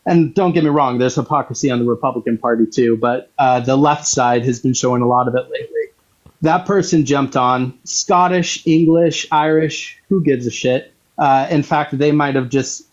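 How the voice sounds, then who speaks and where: A man in his thirties calling into a livestream. He argues his point in a measured but insistent way, with hesitant fillers. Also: medium pitch. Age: 30s. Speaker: caller. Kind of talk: argumentative call-in debate. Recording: muffled call audio.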